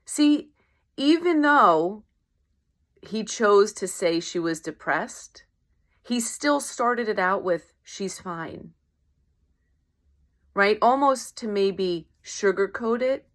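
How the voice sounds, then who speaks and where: A woman working as a life coach speaks slowly and deliberately, at a mid pitch. She talks in a casual motivational way, checking in with her listener and acting out little everyday conversations. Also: expressive. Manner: conversational, acts out quoted voices, keeps asking "right?".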